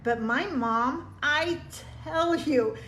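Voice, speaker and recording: A woman's voice: sits high, drawn-out words, fairly bright tone, a little hiss or hum. A middle-aged woman hosting a casual livestream, telling personal stories in a heartfelt, meandering way and thanking viewers as she reads their comments. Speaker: livestream host. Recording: echoey room.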